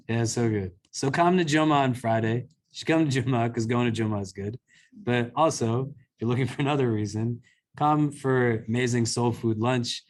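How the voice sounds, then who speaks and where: Earnest man giving a casual religious talk. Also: mid-range voice. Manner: conversational, earnest, many fillers. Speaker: imam. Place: community center hall.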